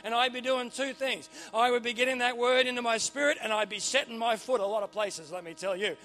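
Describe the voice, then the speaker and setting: A middle-aged Australian man preaching a sermon in a church, animated and joking with punchy repeated phrases. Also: extremely high pitch, a little fast, hardly any pauses, soft background music. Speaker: pastor.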